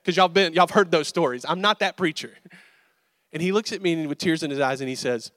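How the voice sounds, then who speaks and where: Casual pastor preaching. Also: male voice, on the high side, a little fast, pauses often, dry recording, studio quality. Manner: casual storytelling, animated and conversational. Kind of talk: sermon.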